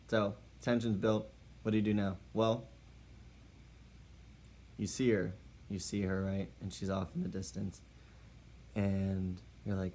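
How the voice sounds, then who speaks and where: A man with a lowish voice delivering tongue-in-cheek dating tips. He keeps a mock-serious, playful tone throughout. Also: a little mellow. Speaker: comedic advice host. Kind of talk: mock dating-advice comedy monologue.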